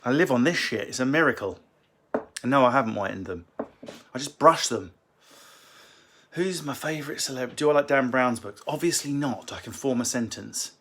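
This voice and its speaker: A comedian answering viewer questions in a casual Q&A, swearing and joking in quick asides, from a book-lined room at home on a phone. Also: male voice, medium pitch, fairly bright tone, husky. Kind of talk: casual livestream Q&A.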